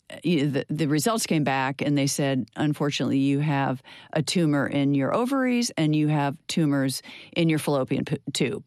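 A woman's voice: deep voice, dry recording, studio quality. Older woman telling her story candidly. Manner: earnest, candid, with frequent fillers and restarts. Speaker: interview guest. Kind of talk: personal storytelling in an interview.

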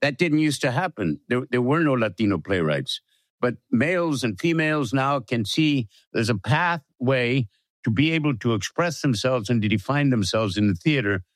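An older man, a playwright and interview guest, talking in a measured, reflective way with pauses and restarts. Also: medium pitch, animated, no room sound.

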